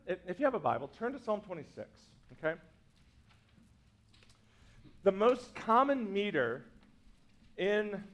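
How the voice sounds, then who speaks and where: A man, a pastor, giving a casual teaching talk to a congregation, full of "like" and "right?" asides. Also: high-pitched. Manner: chatty, many fillers like "like" and "right?".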